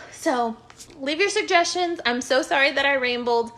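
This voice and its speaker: A woman's voice: sits high, unhurried, sharp tone. A young woman rambling frankly to her viewers in a casual, self-mocking confessional rant. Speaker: vlogger.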